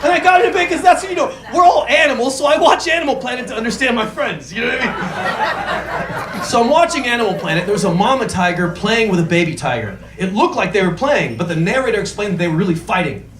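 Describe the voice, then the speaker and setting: Talking fast with lively intonation, a man whose voice sits high works through a stand-up routine on a club stage. He rants his punchlines and acts out how his friends sound, while crowd noise fills the echoey room.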